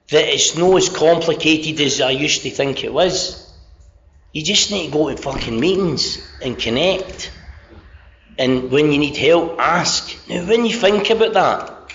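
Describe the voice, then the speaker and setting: In a dull, lo-fi convention recording, a middle-aged man from Scotland speaks about his recovery in a Scottish accent, candid, swearing freely and mocking himself. His pitch is fairly high and somewhat bright.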